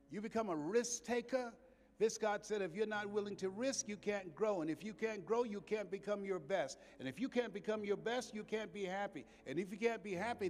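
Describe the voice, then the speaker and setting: A man giving a preacherly motivational speech to a live audience, repeating phrases and swinging between loud and soft. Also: high voice, long reverb tail. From United States. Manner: preacherly, swells and drops in volume, repeats phrases for emphasis. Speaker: motivational speaker.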